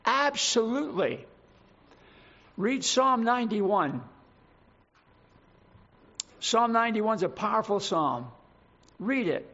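High-voiced man preaching scripture. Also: lively intonation, slow pace, vocal fry, long pauses, sharp tone. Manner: reads scripture aloud with dramatic emphasis, adds asides. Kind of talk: sermon with scripture reading. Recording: dull lo-fi recording.

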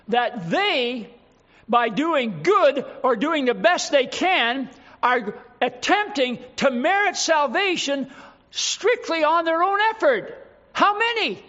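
A man preaching a sermon, reading scripture slowly and emphatically and asking rhetorical questions. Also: very high-pitched, fairly bright tone. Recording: dull reverberant hall recording.

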